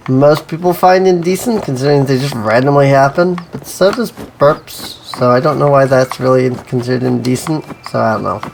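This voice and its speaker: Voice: mid-range voice, vocal fry, slight background noise. Chatty gamer with sudden yelps. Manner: chatty and self-amused, with sudden yelps at mishaps. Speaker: let's play host. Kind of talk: casual gameplay commentary.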